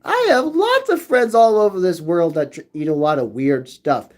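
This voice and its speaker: A man with a high, darkish voice rambles to his chat at a normal pace while hosting a livestream. He reads viewer messages and keeps repeating phrases in a sing-song way.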